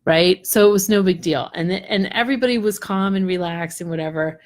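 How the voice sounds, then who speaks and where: Middle-aged woman chatting to her online group, super animated, keeps saying right?, does little voices. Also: lowish voice, fairly quick. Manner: animated storytelling with acted-out voices and lots of "right?". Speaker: spiritual coach. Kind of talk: casual talk to an online community.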